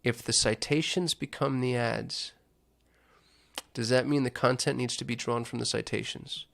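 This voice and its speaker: A man's voice: medium pitch, steady tone, moderate pace, vocal fry, a bit bright. A man hosting a casual screen-share walkthrough on digital marketing, thinking aloud with chatty asides.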